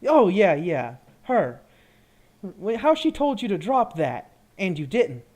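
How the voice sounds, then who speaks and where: Player doing Bernard, hushed and cautious. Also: sing-song, slow pace. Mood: cautioning. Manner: hushed, low, conspiratorial. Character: Bernard, calm cautious adventurer. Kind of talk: tabletop role-play.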